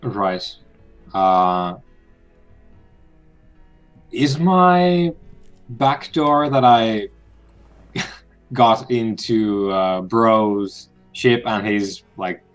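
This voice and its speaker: A man's voice: lowish voice, drawn-out words, pauses often, clean tone, faint music behind, poor audio. A man playing a tabletop game, talking casually with many hesitant fillers. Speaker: player.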